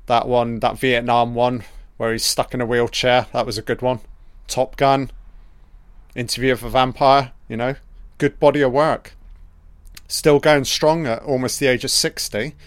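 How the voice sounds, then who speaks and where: A man's voice: medium pitch, clean tone, dry recording. Cussing, joking man doing film commentary. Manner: profane, joking, talks back at the screen. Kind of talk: casual audio film commentary.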